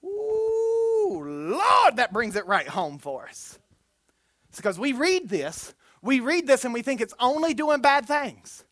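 A preacher giving a Pentecostal sermon in an animated, exclamatory manner, with call-and-response to the congregation. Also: mid-range voice, measured pace, dry recording.

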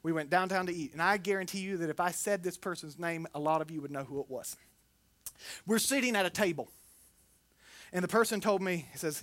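A woman preaching a sermon, telling personal stories in an animated way and jumping into acted quotes. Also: fairly low pitch, fairly quick, no echo.

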